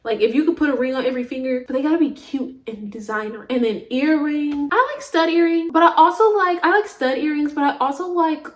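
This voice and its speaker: Young Southern woman, high voice, rambling casual vlog chat, laughs a lot. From Southern United States. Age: young adult. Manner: rambling, jumps from topic to topic, laughs often. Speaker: vlogger. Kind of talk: casual chatty monologue.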